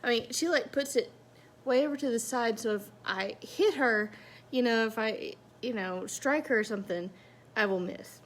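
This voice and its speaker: A woman's voice: a little high, moderate pace, a little hiss or hum. A woman telling a personal story in a casual, chatty, self-mocking way.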